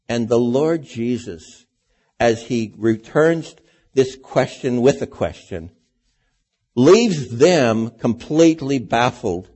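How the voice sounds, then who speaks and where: Mellow, husky-voiced male preacher. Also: mid-range voice. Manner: conversational preaching with rhetorical questions. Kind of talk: sermon.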